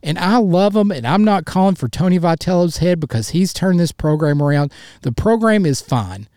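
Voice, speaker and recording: A man's voice: sits high, animated, normal speed, dark tone, dry recording, clean studio sound. A man hosting a solo sports podcast, ranting in a fired-up, frustrated way and bluntly repeating himself for emphasis. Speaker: podcast host.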